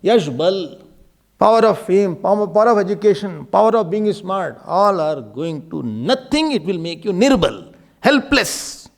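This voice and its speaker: Unhurried and gravelly, this man's high voice swings widely in pitch as he delivers a fervent devotional talk as a spiritual teacher. He exhorts and begs his audience, mixing in Hindi verses and cries of pleading.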